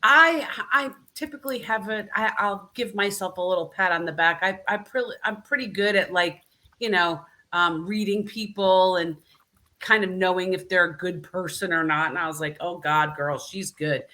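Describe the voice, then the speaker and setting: A woman hosting a live video chat, animated and talkative, often tagging her points with "right?". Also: mid-range voice, normal speed. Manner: animated, frequent "right?" tags. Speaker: host. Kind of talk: casual live-stream chat.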